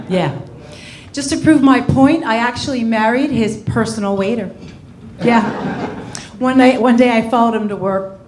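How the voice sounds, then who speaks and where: A young woman doing a stand-up comedy set on a club stage, telling stories in a brash, swearing, animated way. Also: medium pitch, echoey room, a little hiss or hum.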